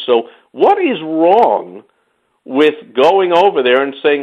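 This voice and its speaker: A man hosting a casual podcast, talking in an animated, sarcastic way and speaking to the listener directly. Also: fairly high pitch, unhurried, phone-quality sound. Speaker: podcast host. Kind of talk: casual political podcast chat.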